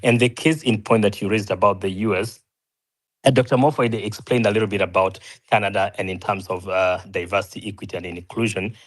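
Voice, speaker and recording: A man's voice: lowish voice, steady tone, brisk. A man moderating a panel debate, politely interjecting to clarify points.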